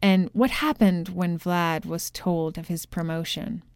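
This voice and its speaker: A woman voicing a sharp courtroom questioner who probes and presses a witness, in a storybook reading. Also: on the low side, steady tone, unhurried, clear, resonant tone, dry recording, clean studio sound. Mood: pressing. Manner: probing, insistent questioning.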